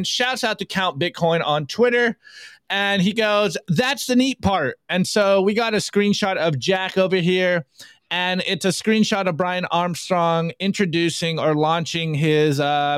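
A man hosting a live podcast, reviewing memes in an energetic, casual way and hyping up his audience with catchphrases. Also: a little high, clean tone, no room sound, clean studio sound. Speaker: podcast host.

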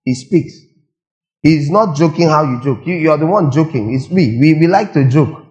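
A man's voice: a little high, moderate pace, darkish tone, lo-fi sound. A man preaching a sermon, firing rhetorical questions and repeating lines for emphasis. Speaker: pastor.

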